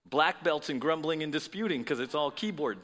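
A man's voice: on the high side, fairly quick, fairly bright tone. A man preaching a sermon to his congregation, in a conversational style with frequent "right?" asides. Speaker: pastor.

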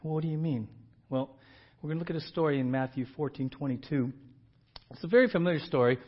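Husky casual pastor, muffled recording. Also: male voice, on the high side, fast talker. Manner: casual, animated storytelling with slang. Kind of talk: sermon.

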